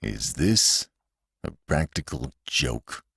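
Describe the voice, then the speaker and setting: A man narrating an audiobook, voicing a blustering, red-faced older uncle who talks in a hearty, booming way. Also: very animated, moderate pace, fairly bright tone, no echo, studio quality, exaggerated voice. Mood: icy. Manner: hearty and booming, then icy.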